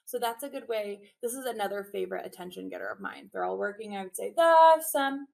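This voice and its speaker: A woman teacher giving a webinar demonstration, animated and drilling phrases in a sing-song call-and-response. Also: mid-range voice, fast talker, vocal fry. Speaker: early childhood teacher presenting a webinar. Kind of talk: teacher demonstration with chants and repetition.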